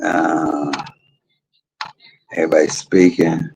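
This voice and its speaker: A man's voice: extremely low pitch, a little slow, vocal fry, husky, low-quality recording. A middle-aged man, telling candid, salty stories to a live stream audience. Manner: candid, salty, gossipy with animated quoted voices. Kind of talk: casual storytelling to a live audience.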